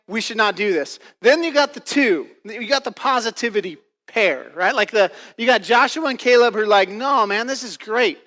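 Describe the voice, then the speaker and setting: A man's voice: very high voice, pushed and bright, long reverb tail. A man preaching a casual, conversational sermon to his church, full of fillers and frequent "right?" check-ins. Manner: casual, filler-heavy, keeps asking "right?". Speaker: pastor. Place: church auditorium.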